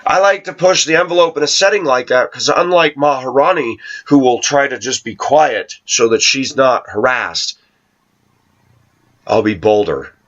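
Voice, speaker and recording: A man's voice: mid-range voice, animated, moderate pace, a bit bright, dull audio. A man hosting his own channel, telling workplace stories in a sarcastic, rambling way. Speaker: YouTube channel host. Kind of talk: casual talking-to-camera monologue.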